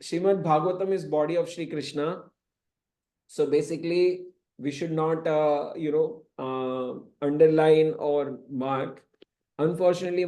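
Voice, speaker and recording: A man's voice: on the high side, mellow. A man teaching a scripture class, explaining at length with frequent "you know" asides. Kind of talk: lecturing to a class. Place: temple classroom.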